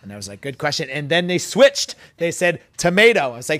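A man's voice: a little high, sing-song, brisk, a bit bright, no echo. A man with a New England accent hosting a casual podcast interview at a fitness gym, joking and teasing his guest. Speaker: podcast host.

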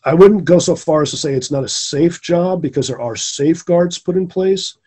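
A man with a mellow, slightly husky voice that sits a bit high for a man. He tells a personal story from his teaching days in casual conversation. He is earnest and rambling, and he repeats phrases for emphasis. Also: moderate pace. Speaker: guest, former teacher.

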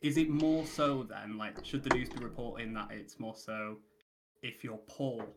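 A man's voice: mid-range voice, fairly even intonation. British man, casual host, crowd noise. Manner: halting, filler-heavy questioning. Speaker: podcast host. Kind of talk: casual interview questions.

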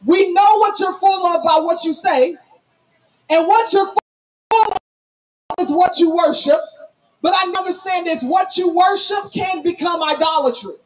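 A woman pastor preaching a sermon loudly and emphatically, calling on the congregation to answer back, in a folksy storytelling manner. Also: very high voice, unhurried, rough recording. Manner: preaching loudly, emphatic, calls for audience responses; folksy, tells stories on herself.

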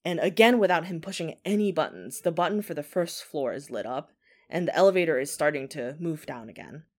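A woman's voice: deep voice, animated, a little fast, darkish tone. A woman telling a ghost story in a casual, chatty way, often saying 'like'.

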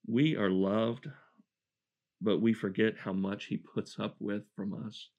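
A man's voice: lowish voice, level tone, takes it slowly, a little mellow, highs cut off. A man preaching a verse-by-verse Bible sermon, earnest and reflective, often restarting his phrases.

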